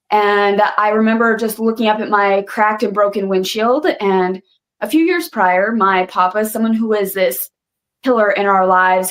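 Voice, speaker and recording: A young woman speaking earnestly as a podcast guest, her voice at an ordinary middle pitch. She retells events vividly, slipping into the words people said to her. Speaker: guest telling her story. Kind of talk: emotional personal storytelling.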